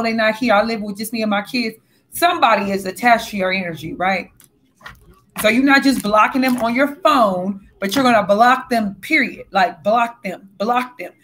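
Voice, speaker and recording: A woman's voice: a little high, fairly bright tone, slight background noise. A woman giving a casual spiritual tarot reading, talking bluntly and animatedly, with frequent swearing. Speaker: tarot reader.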